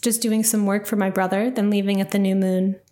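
A woman reading the lines of a calm, mysterious bearded traveler in a spoken story, soft-spoken and cryptic. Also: medium pitch, brisk, natural voice. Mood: easygoing.

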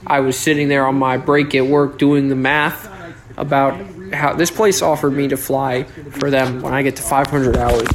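A man hosting a casual solo podcast, joking around, swearing a lot and breaking into sudden yells. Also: medium pitch, steady tone, normal speed. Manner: profane, joking, with sudden yelling outbursts. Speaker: podcast host.

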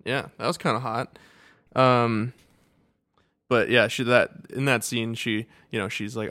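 A man's voice: medium pitch, flat delivery, moderate pace, fairly bright tone. A man co-hosting a casual movie podcast, wry and chuckling as he retells scenes. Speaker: podcast co-host. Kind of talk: casual movie-recap chat.

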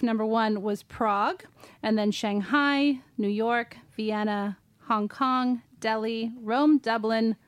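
A woman's voice: a little high, dry recording. A woman in her thirties hosting a podcast, chatting casually with many ums and self-deprecating asides. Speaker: podcast host. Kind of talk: casual chat.

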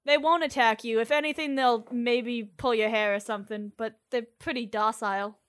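A slightly high-pitched woman narrating as game master for a tabletop game. She talks loosely and casually, filling pauses with "uh" as she hunts for the right word. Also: steady tone, fairly bright tone. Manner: chatty, loose, searching for words with fillers.

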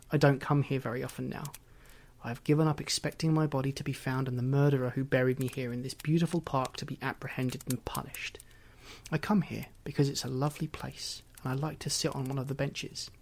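A man reading as the ghost of a murdered woman, telling her story quietly and wryly. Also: mid-range voice, close to an everyday voice. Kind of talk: audiobook reading.

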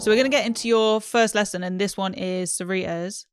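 A woman co-hosting a podcast in casual chat, easygoing and quick to laugh. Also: medium pitch, steady tone, faint music behind. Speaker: podcast co-host.

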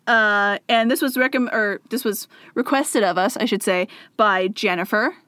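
A woman's voice: mid-range voice, normal speed, a bit bright, dry recording. A woman co-hosting a casual history podcast, bantering and laughing easily. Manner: giggly, laid-back banter. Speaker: podcast co-host. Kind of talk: casual chat.

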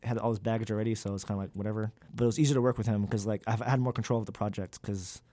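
A man's voice: on the low side, fairly even intonation, racing, warm tone, no echo. A young man, a graduate student, talking candidly in an interview, with many fillers and loose, rambling sentences. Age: young adult.

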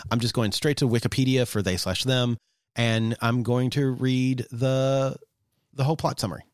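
A man's voice: medium pitch, steady tone, unhurried, no echo, clean studio sound. An American man co-hosting a podcast, joking playfully and stumbling over fillers. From United States. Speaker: podcast co-host. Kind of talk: casual podcast chat.

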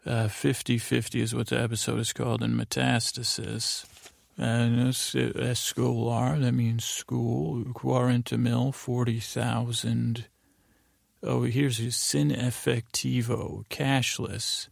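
A man hosts a podcast with a gravelly, creaky voice and a flat, monotone delivery. He rambles through a show recap, quoting characters without changing his voice. The recording is close and dry. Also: mid-range voice, measured pace, no echo. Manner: rambling, plain voice with many fillers, flatly quoting each character. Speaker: podcast host. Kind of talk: sleepy, meandering episode recap.

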